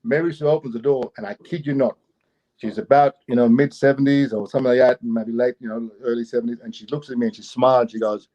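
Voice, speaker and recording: A middle-aged Australian man from Queensland, telling a story as an interview guest in a casual, lively way and acting out the people in it. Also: medium pitch, fast talker, lo-fi sound. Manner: animated, laughing, acts out the people in his story.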